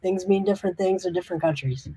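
A man guesting on a podcast in casual chat, relaxed and joking. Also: high-pitched, fast talker, breathy edge, poor audio.

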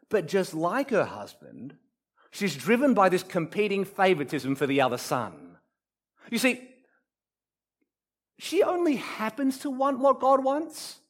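A male pastor delivers a sermon in a high voice. His pitch swings widely as he acts out quotes. He drops to near-quiet to stress a point. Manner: animated preacher, acts out quotes, drops to soft emphasis.

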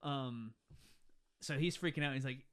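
A man's voice: mid-range voice, a little slow, clean tone. A man casually retelling a film's scenes, laughing often and quoting lines. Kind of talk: casual movie recap chat.

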